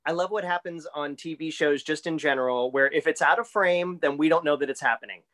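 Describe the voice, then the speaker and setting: A man's voice: fairly high pitch, a little fast, fairly bright tone. A man co-hosting a podcast, rambling through his thoughts in a casual chat and laughing easily. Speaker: podcast co-host.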